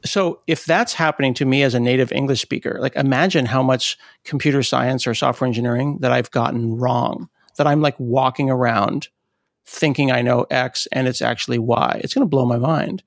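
Middle-aged male podcast host, enthusiastic and chatty, slight gravel in the voice. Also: medium pitch, moderate pace, no echo, clean studio sound. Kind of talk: casual interview chat.

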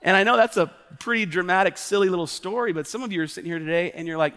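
Thirties male pastor preaching, relaxed anecdotal delivery with fillers, slightly high pitch, long hall reverb. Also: fast talker, few pauses. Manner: casual storytelling with many fillers. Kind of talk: sermon. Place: church auditorium.

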